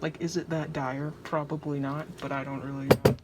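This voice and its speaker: A woman's voice: low-pitched, level tone, moderate pace, a little mellow. A woman narrating her own craft project in a casual vlog, anxious, dramatic and joking at her own expense. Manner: anxious, dramatic, self-mocking. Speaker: vlogger. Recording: noisy home recording.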